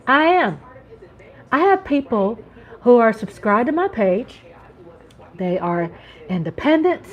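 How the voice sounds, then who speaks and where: A middle-aged American woman hosts a casual live-chat stream in a fairly high voice. She talks freely, breaks into laughs and greets viewers by name as she goes. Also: very animated, unhurried, long pauses. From United States. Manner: chatty, laughing, reading out chat names.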